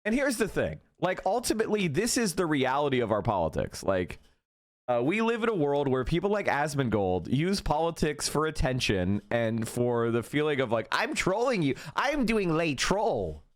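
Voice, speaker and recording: A man's voice: mid-range voice, big pitch swings, normal speed. A man mocking a politician's claims in profane, incredulous streamer commentary. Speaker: streamer reacting to clip.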